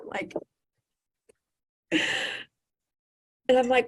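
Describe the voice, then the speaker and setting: A middle-aged woman physician telling a story as a podcast guest, animated and laughing often as she acts out what people said. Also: lowish voice, normal speed, breathy edge. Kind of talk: conversational storytelling.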